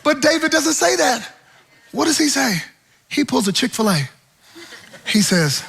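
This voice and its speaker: An animated male preacher delivering a sermon in a high, bright voice. He is humorous and acts out scenes vividly, his pitch swooping widely for emphasis. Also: a little slow, creaky, pauses often.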